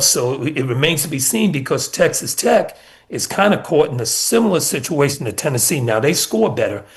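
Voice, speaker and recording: Medium-pitched and earnest, a middle-aged former college basketball assistant coach recounts past seasons as a guest in a sports radio interview. He leans on emphatic repetition of key points and develops his answers in steady runs.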